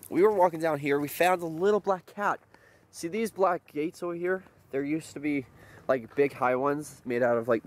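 Rambling young man vlogging outdoors. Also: fairly high pitch. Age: 20s. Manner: rambling, joking storyteller. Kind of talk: casual vlog chat. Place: outdoors in a quiet open field.

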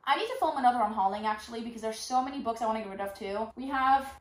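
A woman's voice: on the high side, very fast, reverberant. A young woman chatting casually as a book vlogger, bubbly and chatty with dramatic exclamations, recorded in her bedroom. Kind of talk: casual vlog chat.

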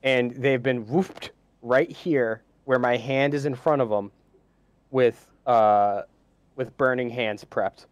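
A man playing in a tabletop game over a voice call, excited and stumbling over restarts. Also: medium pitch, slow pace, clean tone, no echo, lo-fi sound. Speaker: player. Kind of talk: casual tabletop play.

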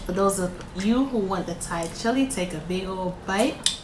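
A woman's voice: medium pitch, normal speed, over a noisy crowd. A woman hosting an eating show, chatting casually and giggling often. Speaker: mukbang host. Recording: echoey room with faint background noise.

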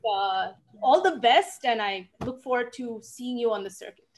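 A woman answering audience questions in an online session, expressive and emphatic, stressing words to make her point. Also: fairly high pitch, normal speed, slight background noise. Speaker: featured dancer and speaker. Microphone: video call.

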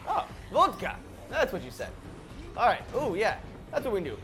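A man's voice: sits high, wildly swooping pitch, normal speed, pushed and bright. A young man co-hosting a comedy gaming show, eagerly bossing the player around with tips and orders. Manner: bossy, eager, keeps giving orders. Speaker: backseat co-host coaching the player. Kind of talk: joking let's-play commentary. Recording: noisy game-capture audio.

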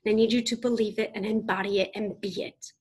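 A woman's voice: medium pitch, fairly even intonation, quick pace, breathy edge. A woman in her thirties giving a motivational keynote speech, emphatic and punchy, speaking straight to her audience. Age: 30s.

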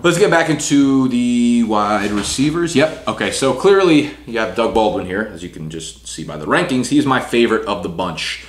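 Speaking in a mid-range, animated voice, a young man rattles through fantasy football rankings. It's quick, conversational talk full of "you know" and "right," recorded in a room that echoes.

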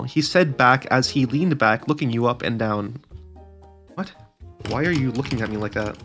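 Guy cracking up nonstop reading dumb bot chats out loud, swears a bunch, faint music behind. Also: medium pitch. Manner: laughs constantly, swears, mock-reads lines slowly. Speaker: YouTuber. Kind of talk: casual commentary while reading chatbot replies aloud.

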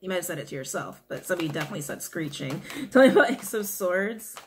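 A woman's voice: lowish voice, sing-song, quick pace, a little hiss or hum. A woman giving a casual, chatty tarot reading to viewers, often repeating her questions to the cards. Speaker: tarot reader.

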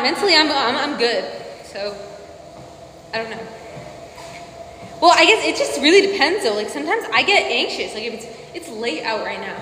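A woman's voice: high-pitched, pushed and bright. Playful young woman streaming from an echoey room. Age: 20s. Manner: playful, sing-songy, breaks into humming and mock Spanish. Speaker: live streamer. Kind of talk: casual live-stream chat while walking on a treadmill. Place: indoor home room with treadmill. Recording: echoey room, slight hall tail, faint noise.

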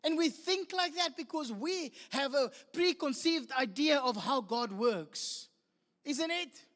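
Man preaching, high voice, South African English accent, long church hall reverb. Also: slow pace. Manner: animated preaching, acting out quoted voices. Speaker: pastor. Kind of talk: sermon.

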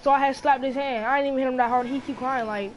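A woman's voice: high-pitched, fairly even intonation, fast, slight background noise. A young woman talking casually, exasperated and scolding in heavy slang.

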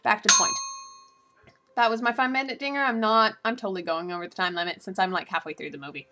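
A woman's voice: mid-range voice, fairly even intonation, fast talker, pushed and bright. A woman vlogger giving a rambling, casual recap of a movie, full of asides and giggles.

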